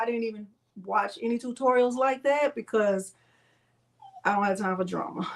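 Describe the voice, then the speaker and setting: Chatty woman hosting a craft stream. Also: a little high. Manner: chatty, greets viewers by name, says y'all. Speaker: crafting livestream host. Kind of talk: casual livestream tutorial chat.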